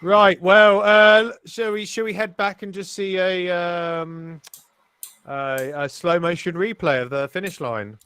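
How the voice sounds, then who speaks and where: A man giving casual, excitable live race commentary, sweary and rambling with fillers. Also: high-pitched, a little slow, smooth.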